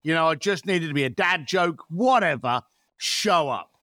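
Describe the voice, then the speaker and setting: A man's voice: on the high side, lively intonation, moderate pace, sharp tone, no room sound, studio quality. A man in his fifties, a podcast guest telling stories in a blunt, swearing, rant-like way. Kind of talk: podcast interview.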